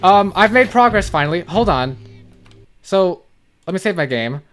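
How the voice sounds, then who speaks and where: A man's voice: high-pitched, expressive, normal speed, fairly bright tone, faint music behind. A man giving blind playthrough commentary on a game, jumpy and swearing, who repeats panicked phrases over and over. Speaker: gaming channel host.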